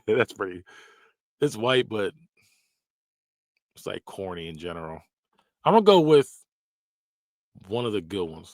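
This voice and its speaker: Lively, laughing podcast host guy. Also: lowish voice, moderate pace, pauses often, no room sound, studio quality. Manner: laughs often, slips into exaggerated voices for quoted phrases. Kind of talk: casual reaction commentary.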